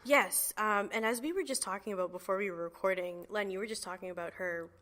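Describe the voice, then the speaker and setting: A woman hosting a comic-book podcast in casual chat, chatty, with lots of fillers and quick laughs. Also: mid-range voice, a bit bright. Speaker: podcast host.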